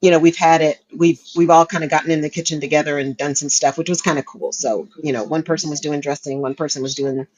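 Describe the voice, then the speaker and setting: A woman's voice: sits low, steady tone, quick pace, few pauses, a little mellow, rough recording. A woman co-hosting a talk show, chatting casually and laughing often as she talks. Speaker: podcast co-host. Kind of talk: casual chat.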